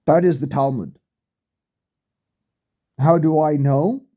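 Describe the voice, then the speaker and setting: Very dark-voiced man on a profane rant. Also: a little high, slow pace. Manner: blunt, heavy swearing, repeats himself for emphasis. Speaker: vlogger.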